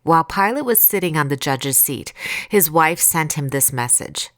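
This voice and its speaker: A woman reading scripture aloud in a calm, deliberate, expressive way. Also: low-pitched, no room sound, clean studio sound. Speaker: Bible reader.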